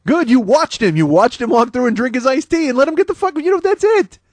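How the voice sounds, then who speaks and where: A man in his forties hosting a comedy podcast, ranting with heavy profanity and loud outbursts. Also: extremely high pitch, very animated, quick pace, dry recording. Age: 40s.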